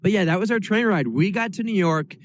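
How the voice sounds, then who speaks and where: A man from New Hampshire co-hosting a podcast, telling a story in a lively, self-mocking way and acting out the quotes. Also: sits high, brisk, dry recording, poor audio. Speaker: podcast co-host. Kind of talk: casual storytelling chat.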